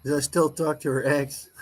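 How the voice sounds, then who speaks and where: Easygoing guy cracking jokes on a stream, bit high pitched. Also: flat delivery, normal speed. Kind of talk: casual livestream chat.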